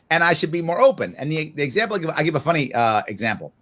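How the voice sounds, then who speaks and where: A man in his forties, a guest on a podcast interview, talking off the cuff in an animated way, laughing often and acting out other people's voices. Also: fairly high pitch, racing, few pauses.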